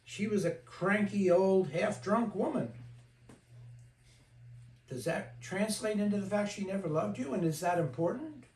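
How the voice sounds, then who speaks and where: A man's voice: high voice, measured pace, darkish tone, distant mic, a little hiss or hum. An older man, a therapist leading a group discussion, speaking frankly and telling stories, sometimes mimicking the voices of people he quotes. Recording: echoey room, voice from off-mic.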